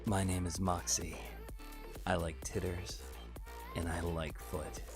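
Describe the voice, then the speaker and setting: Man putting on a sultry low seductive voice. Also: level tone, music in the background. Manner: slow, low, breathy seductive delivery. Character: sultry, low, flirtatious male streamer persona.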